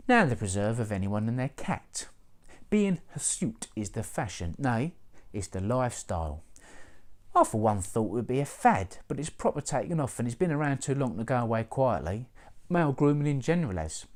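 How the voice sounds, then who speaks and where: A man's voice: medium pitch, darkish tone. A man delivering a dry, sardonic comic monologue to camera, full of punchy asides. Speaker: comic presenter.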